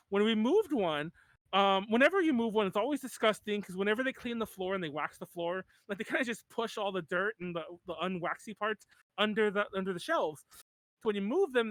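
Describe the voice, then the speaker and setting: A man's voice: high-pitched, animated, brisk, a bit bright, no echo. A man in his thirties hosting a podcast in casual chat, rambling with lots of "like" and restarts and laughing often. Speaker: podcast host.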